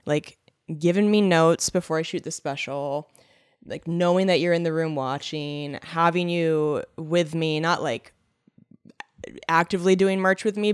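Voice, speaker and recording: Low-voiced giggly woman podcaster. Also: clear, resonant tone, no room sound, studio quality. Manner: giggly, chatty, laughs often. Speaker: podcast co-host. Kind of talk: casual chat.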